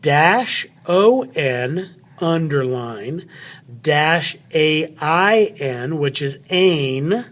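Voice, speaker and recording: A man's voice: fairly high pitch, expressive, extremely slow, a bit bright. A man teaching a recorded spelling lesson to children, chatty and friendly, talking straight to his students.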